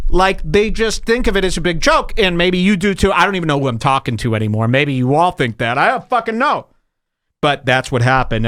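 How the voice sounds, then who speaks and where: A man's voice: a little high, animated, a little fast, fairly bright tone, no room sound, studio quality. A man hosting a podcast, telling rambling, sarcastic stories in a casual comedic chat. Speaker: podcast host.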